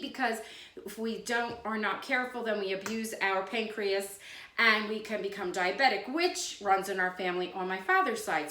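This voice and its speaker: A woman's voice: on the high side, fairly bright tone. Chatty woman host in an echoey kitchen. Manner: chatty, wandering off into side stories. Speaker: cooking channel host. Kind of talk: casual cooking demonstration. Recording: echoey room with faint noise.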